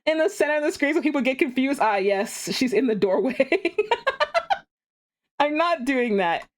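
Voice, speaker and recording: Young woman streamer chatting, giggles a lot, voice jumps all over, kinda high. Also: normal speed. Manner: animated, laughs often, talks to herself. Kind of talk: casual live-stream chat.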